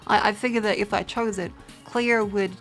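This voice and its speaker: A young Australian woman on a livestream who sounds tired and talks at an everyday middle pitch. She rambles from one joke to the next, swears freely and pokes fun at herself while chatting with her viewers. Faint music plays quietly behind her. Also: steady tone, normal speed. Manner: rambling, profane, self-mocking banter with chat. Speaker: streamer. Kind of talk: casual livestream chat.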